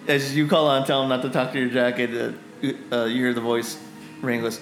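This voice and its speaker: A man's voice: mid-range voice, steady tone. Guy running a tabletop game, lots of ums and restarts, echoey, faint music. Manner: halting, lots of fillers and self-corrections. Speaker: game master.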